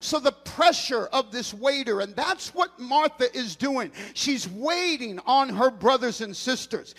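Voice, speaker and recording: High-pitched guy preaching hard, voice swells into a half-sung cadence, big echoey church. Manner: impassioned preaching, rising to shouts and a sung cadence. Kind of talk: sermon. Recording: long reverb in a large hall.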